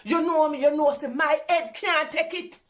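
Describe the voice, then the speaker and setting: A woman's voice: high-pitched, normal speed. Theatrical Jamaican woman, comic monologue. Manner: theatrical, exclaiming, talks to God and phone. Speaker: comedy performer.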